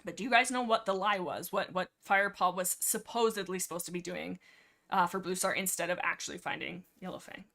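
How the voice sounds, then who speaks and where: A young livestream host with a fairly low, creaky, fairly bright voice talks briskly and steadily about a book series she loves. Her casual, rambling chat is full of giggles and dialogue performed with over-the-top drama.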